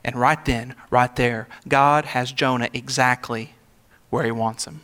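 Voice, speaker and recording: A man's voice: mid-range voice, fairly even intonation, unhurried, a bit bright. A young adult man, a senior pastor, preaching a sermon in a conversational, emphatic way with rhetorical asides. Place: church sanctuary. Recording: long hall reverb of a church sanctuary.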